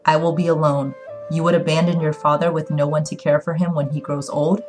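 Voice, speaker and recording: A woman's voice: deep voice, flat delivery, brisk, darkish tone, soft background music, lightly acted. A woman voicing a stern, proud older father in a read-aloud story, speaking in a clipped, commanding way. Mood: subdued.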